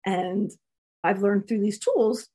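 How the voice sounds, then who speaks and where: Husky-voiced woman giving earnest coaching talk. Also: mid-range voice, slow pace, mellow. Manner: earnest, candid, often laughing. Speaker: coach teaching a course. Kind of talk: casual motivational talk.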